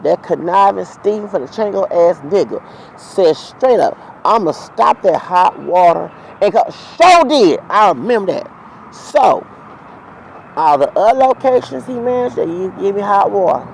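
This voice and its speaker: A man's voice: high-pitched, sing-song, moderate pace, vocal fry, rough recording. A man telling a heated, profane, rambling story as a vlogger, outdoors near traffic. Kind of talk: ranting storytime monologue.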